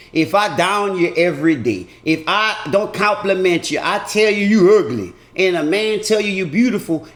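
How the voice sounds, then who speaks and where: A man doing an animated comedic monologue that turns earnest and preachy. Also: a little high, echoey room. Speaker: comedian vlogger.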